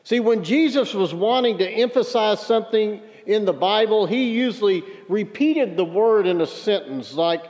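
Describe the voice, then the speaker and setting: A man's voice: high-pitched, expressive, moderate pace, hardly any pauses, darkish tone. A man preaching a sermon, telling a story and then driving home his point with emphasis. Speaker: pastor. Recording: dull sound with long hall reverb.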